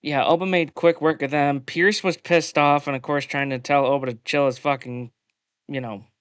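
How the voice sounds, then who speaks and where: A man's voice: a little high, fairly even intonation, normal speed, fairly bright tone, clean tone, dry recording. A man co-hosting a podcast, recapping wrestling in casual chat, blunt and profane, with lots of "uh" and "um". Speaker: podcast co-host.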